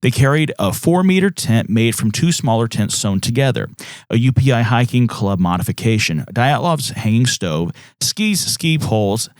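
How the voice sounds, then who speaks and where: Lively-voiced male podcast co-host. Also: mid-range voice, moderate pace, no echo, studio quality. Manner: jokey reactions, mock voices. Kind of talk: casual chat.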